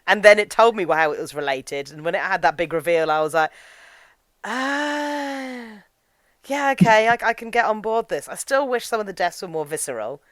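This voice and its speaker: A woman's voice: low-pitched, fairly bright tone, dry recording. A woman co-hosting a podcast, chatting casually about a film and acting out her own reactions. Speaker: podcast co-host. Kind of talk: casual film review chat.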